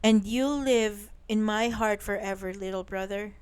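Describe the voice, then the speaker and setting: A woman's voice: medium pitch, a little slow, a little mellow, clear, resonant tone, lightly acted. A woman voicing a large, protective bear in a storybook, speaking steadily and reassuringly. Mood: tender. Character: big protective gentle bear.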